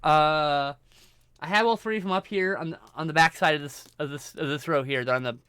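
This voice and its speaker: A man's voice: on the high side, brisk, bright, forceful tone, clear, resonant tone, no echo, clean studio sound. A man streaming live, ranting casually and profanely about movies while working through his film collection. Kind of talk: casual livestream rant.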